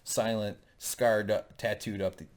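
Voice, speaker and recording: A man co-hosting a TV recap show in casual chat, rambling and jokey, with lots of fillers and quick laughs. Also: lowish voice, level tone, slight background noise.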